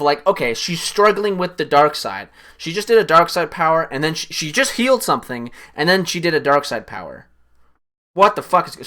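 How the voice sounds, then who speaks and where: A man giving a rambling, swear-filled casual recap of a film he just watched, his voice jumping up when excited. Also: a little high. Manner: animated, voice jumps up when excited. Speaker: streamer.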